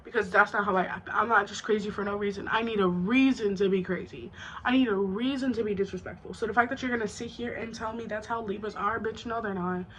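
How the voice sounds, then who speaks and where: A woman's voice: medium pitch, steady tone, fast, low-quality recording. A young woman vlogger telling a storytime, blunt and profane, acting out both sides of an argument. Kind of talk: storytime vlog.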